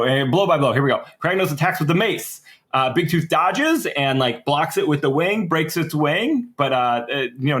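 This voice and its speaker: A man's voice: medium pitch, a bit bright. A young man casually recapping a story on a podcast, rambling with lots of fillers and restarts. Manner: rambling, heavy on "like" and "uh", many restarts. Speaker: podcast co-host. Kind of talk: casual lore recap chat.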